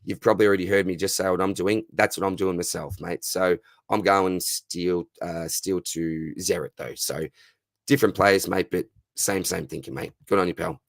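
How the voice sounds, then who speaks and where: Gravelly, low Aussie man hosting live. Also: steady tone, moderate pace, dry recording. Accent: Australian. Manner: friendly, says "mate" constantly. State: voice going hoarse. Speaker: fantasy football livestream host. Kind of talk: casual live Q&A, reading chat questions.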